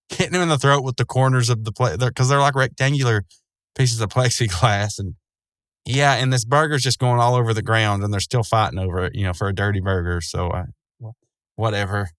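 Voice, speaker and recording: A man's voice: medium pitch, fairly even intonation, fairly quick, a bit bright, clean tone, no echo. Guy rambling through an episode recap, lots of um and like, dry close sound. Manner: rambling, loose, chuckling often, many fillers. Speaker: show recapper.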